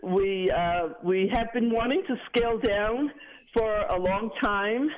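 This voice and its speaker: A woman's voice: mid-range voice, slow. Chatty woman caller on a dull phone line. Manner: chatty, retells stories with laughter. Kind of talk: casual phone chat.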